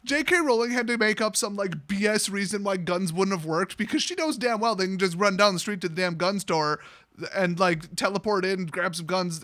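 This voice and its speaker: A man's voice: high-pitched, sharp tone. A man mockingly recapping a fantasy story, with crude, sarcastic jokes. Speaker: host.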